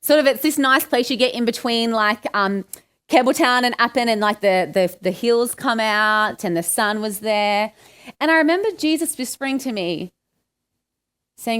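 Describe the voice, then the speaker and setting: A woman's voice: on the high side, moderate pace, fairly bright tone, smooth. An Australian woman giving a conversational sermon, asking her listeners questions and acting out the lines she quotes. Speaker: preacher.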